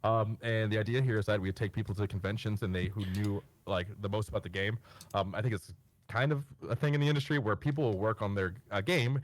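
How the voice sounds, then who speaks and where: A man guest on a podcast, telling rambling stories with many fillers and bursting into animated impressions. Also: fairly low pitch, fast. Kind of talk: casual storytelling chat.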